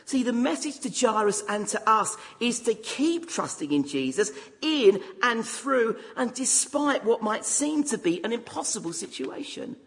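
A man's voice: very high-pitched, sing-song, measured pace, hardly any pauses, a bit bright, long reverb tail. A man preaching a sermon, putting rhetorical questions to the congregation.

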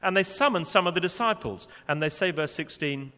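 Man preaching, bright tone, swings between hushed and emphatic, lively pitch. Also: fairly quick, hardly any pauses. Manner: expressive, rising to indignant emphasis. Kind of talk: sermon. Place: church. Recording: long church reverb.

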